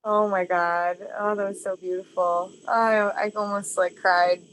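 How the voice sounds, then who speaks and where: A woman's voice: mid-range voice, steady tone, measured pace, a bit bright, a little hiss or hum, poor audio. A woman on a workshop call, gushing and giggling as she gives praise. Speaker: workshop participant. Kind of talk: casual chat.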